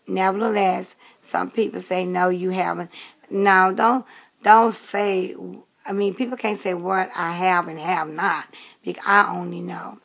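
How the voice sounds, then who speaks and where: A woman's voice: medium pitch, gravelly. A woman in her late fifties chatting casually to camera in a rambling way, with many fillers and restarts. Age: 50s. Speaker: vlogger.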